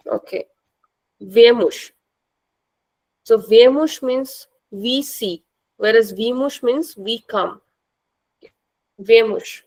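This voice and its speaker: A woman teaching a language class, speaking slowly and patiently and repeating words for her students. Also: a little high, a little mellow, low-quality recording.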